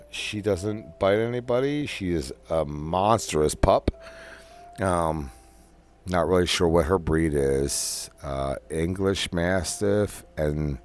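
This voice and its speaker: Deep-voiced man, slow and rambling, easygoing monologue, with the hiccups. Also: creaky, slight background noise. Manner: rambling with many ums and restarts. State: has the hiccups. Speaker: podcast host. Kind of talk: casual personal monologue.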